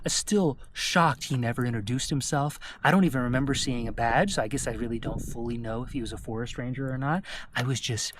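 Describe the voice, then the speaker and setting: An American man, a travel vlogger, telling a personal story to camera in an animated way and often checking in with his listeners. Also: medium pitch, fast, noisy background. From United States.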